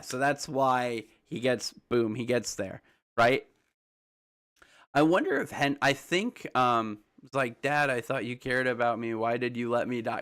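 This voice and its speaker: A man's voice: mid-range voice, a bit bright. A man hosting a livestream, rambling through theories in loose casual chat, full of fillers and asides to viewers. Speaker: livestream host.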